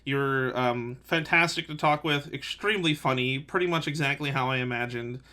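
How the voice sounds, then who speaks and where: A man's voice: medium pitch, moderate pace, bright, forceful tone. A young man hosting a fan interview, eager and gushing, laughing often. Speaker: podcast host, interviewer. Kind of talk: casual interview chat.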